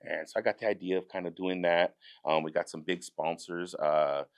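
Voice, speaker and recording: A man's voice: low voice, normal speed, clear, resonant tone. A man, a barbecue business owner chatting as a guest and telling stories. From Southern California. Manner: relaxed, rambling storyteller who acts out others' lines. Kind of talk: casual chat.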